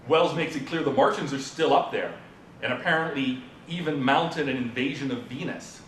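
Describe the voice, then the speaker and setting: A man's voice: moderate pace, a bit bright. A man giving an informal conference presentation, talking the audience through a story and asking them questions. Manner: informal lecturing with fillers, asks the audience questions. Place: presentation room at a symposium. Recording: roomy, from a distant mic, faint rumble.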